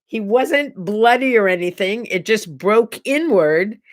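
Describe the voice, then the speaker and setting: A woman's voice: mid-range voice, animated, a little slow. A middle-aged American woman hosting a casual solo talk show, chatting in a rambling way and telling stories with many asides. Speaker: host.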